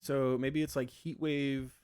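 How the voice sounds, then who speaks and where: Male streamer, mid-pitched, dry close sound, muses aloud between game moves. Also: level tone, measured pace, darkish tone, smooth, no echo. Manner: thinks aloud, rambling with many fillers. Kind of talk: casual live-stream chat while gaming.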